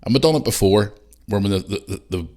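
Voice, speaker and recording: A middle-aged man with a Northern Irish accent hosting a podcast, rambling and swearing, and growing heated and loud. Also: on the low side, lively intonation, fairly quick. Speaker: podcast host. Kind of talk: casual monologue.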